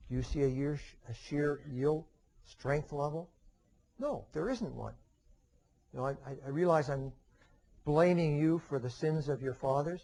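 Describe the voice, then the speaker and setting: A man's voice: mid-range voice, warm tone, poor audio. A man teaching a webinar lecture in a conversational way, with frequent fillers and restarts, often posing questions and then answering them himself. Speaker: engineering lecturer.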